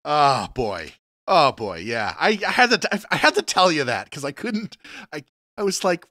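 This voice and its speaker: Male podcast co-host, casual profane storyteller, bright dry delivery. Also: on the high side, big pitch swings, no echo. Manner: rambling, profane, halting restarts. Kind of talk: casual chat.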